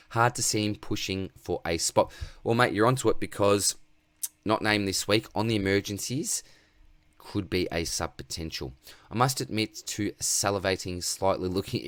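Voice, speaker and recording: Laid-back Australian host, low-pitched man, dry close sound, chatty Q&A delivery. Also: dry recording. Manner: laid-back, reads chat aloud, says mate constantly. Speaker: host answering viewer questions. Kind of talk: casual livestream Q&A.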